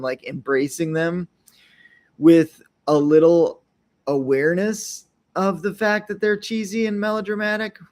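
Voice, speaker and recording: A man hosting an unscripted podcast, talking in a loose, rambling way, often checking in with "right?" and briefly acting out little quotes. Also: on the high side. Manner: rambling, frequent tag questions, acts out little quotes. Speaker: podcast host.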